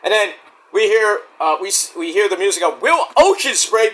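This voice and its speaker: A man rambles through a casual wrestling show review, full of restarts and sudden shouted impressions. His voice sits high and swings widely in pitch, with a bright, forceful edge. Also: moderate pace. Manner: rambling, animated, acts out quotes loudly.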